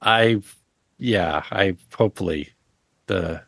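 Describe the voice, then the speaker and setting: A man as an interview guest, talking casually in a halting way with many fillers and deadpan jokes. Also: deep voice, gravelly, husky, no echo, clean studio sound. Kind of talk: casual conversation.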